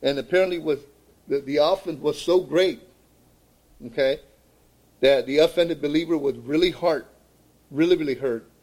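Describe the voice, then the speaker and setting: Male pastor, slightly high voice, preaching a sermon, repeats himself for emphasis. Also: moderate pace, pauses often, a little mellow, low-quality recording. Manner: repeats "okay?" to check in with listeners; repeats words while building a point.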